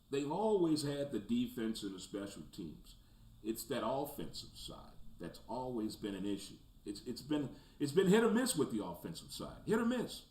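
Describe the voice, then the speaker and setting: Animated man ranting about football, roomy echo. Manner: animated, swings from loud rants to low mutters. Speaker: sports talk show host. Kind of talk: casual sports commentary. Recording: roomy echo, faint background noise.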